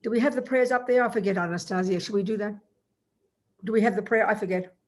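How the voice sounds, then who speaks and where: A woman's voice: mid-range voice, fairly even intonation, fast talker. Woman buddhist teacher, chatty, keeps asking the class stuff like "do we?". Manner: chatty, asks listeners rhetorical questions. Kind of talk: informal dharma teaching.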